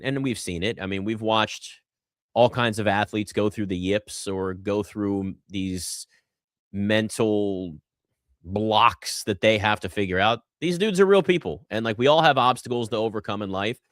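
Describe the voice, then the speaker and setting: A man hosting a sports talk show, talking through the day's action in an animated, conversational way. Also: on the low side, moderate pace, no echo, clean studio sound. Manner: animated, conversational, addresses chat and co-worker. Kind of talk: solo sports talk commentary.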